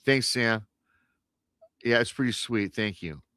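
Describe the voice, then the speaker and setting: A man on a paranormal radio show retelling an encounter story in a casual, animated way, acting out the quoted voices and often restarting his sentences. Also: medium pitch, slow pace, no echo, clean studio sound.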